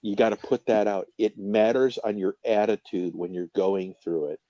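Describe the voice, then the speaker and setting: Earnest low-voiced man on a live chat. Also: steady tone, normal speed, mellow, dry recording, dull audio. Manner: earnest, emphatic, repeats himself. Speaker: livestream guest.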